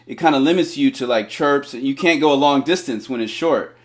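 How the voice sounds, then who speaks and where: Over a cellphone video call, a man gives casual one-on-one DJ scratching lessons. His mid-range voice is brisk, and he sounds eager and encouraging, speaking in loose bursts packed with fillers.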